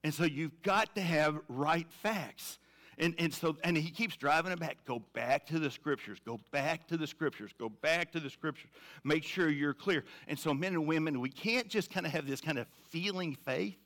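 A man's voice: a little high, normal speed, fairly bright tone. Emphatic conversational male preacher. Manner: conversational, emphatic, repeats phrases. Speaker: pastor. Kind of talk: sermon.

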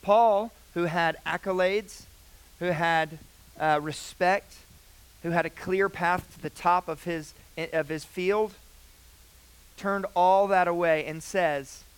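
A young man preaching a sermon, earnest, with loud emphatic phrases that drop to quiet, hushed lines. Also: high-pitched, steady tone, takes it slowly, clean tone, rough recording.

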